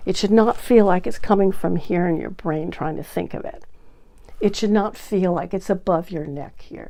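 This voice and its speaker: An energetic woman gives a coaching talk to the camera on dating. She acts out examples as she goes, so her voice swings widely in loudness and pitch. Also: normal speed.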